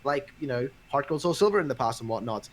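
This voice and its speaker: A man's voice: medium pitch, fast, slight background noise. A man hosting a podcast in casual chat, ranting with lots of swearing. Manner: profane, ranting, animated. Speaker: podcast host.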